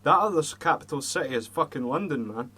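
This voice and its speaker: A man's voice: fairly high pitch, animated, quick pace, bright, forceful tone, husky. Blunt swearing Scottish man. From Scotland. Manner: blunt, heavy swearing, heated. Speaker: radio show host. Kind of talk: casual chat.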